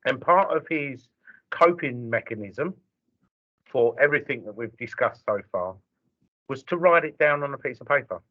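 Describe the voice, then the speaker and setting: A man's voice: medium pitch, expressive, moderate pace. Earnest man on dull call audio. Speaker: workshop participant. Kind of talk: sharing an anecdote.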